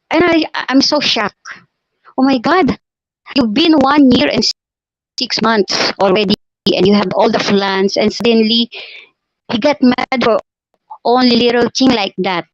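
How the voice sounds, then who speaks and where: Woman, slow unhurried delivery, hesitant with many restarts, dry dull lo-fi sound. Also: on the high side, no echo. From Philippines. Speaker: storyteller on a live chat. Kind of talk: casual live-stream storytelling.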